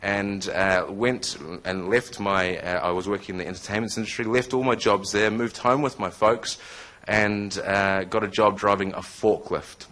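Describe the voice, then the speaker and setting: With a fairly low, steady, fairly bright voice at a moderate pace, a man in his thirties addresses a live audience. Born in Scotland and carrying a New Zealand accent, he offers a conversational testimony sprinkled with jokes.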